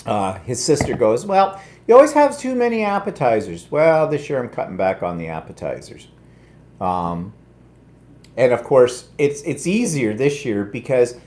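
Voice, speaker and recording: A middle-aged Canadian man chatting casually on a live show, rambling from one thought to the next and poking fun at himself. His voice sits at an ordinary middle pitch. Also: a little mellow. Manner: chatty, rambling and self-mocking. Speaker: host. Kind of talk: casual chat.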